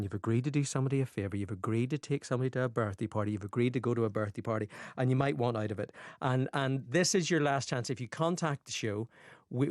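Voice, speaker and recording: A man's voice: medium pitch, a little mellow, dry recording. Northern Irish man, dry studio sound. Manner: jokey, self-mocking, quick asides. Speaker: radio presenter. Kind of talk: casual studio chat. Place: radio studio.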